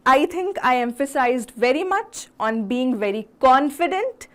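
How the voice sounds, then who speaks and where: High-voiced woman teaching speaking skills. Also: animated, a little slow. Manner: earnest, instructive, varies pace and loudness for emphasis; asks the listener rhetorical questions. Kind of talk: classroom-style lesson on public speaking.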